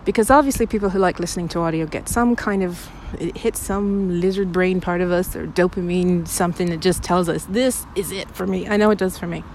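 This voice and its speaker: A woman's voice: on the low side, steady tone, a little fast, few pauses, darkish tone, slight background noise. A young woman who makes audios, chatting with her listeners in a rambling, self-deprecating way full of fillers. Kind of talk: casual chat to listeners. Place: recorded outside.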